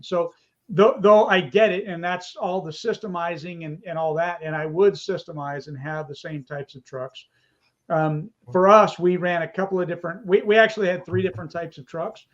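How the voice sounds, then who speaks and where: A man with a fairly high voice explains things step by step in a relaxed live chat. His audio comes through a dull, lo-fi video call line. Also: fairly quick. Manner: explanatory, walks through pictures on screen. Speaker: co-host.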